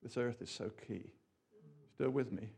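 A man preaching a sermon in an animated, rambling way, full of asides and questions to the audience. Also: mid-range voice, unhurried, gravelly, slightly rough.

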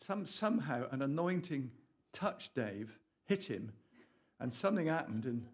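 A man preaching a lively, jokey sermon, with asides to his audience. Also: mid-range voice, measured pace. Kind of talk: lively sermon to a small group.

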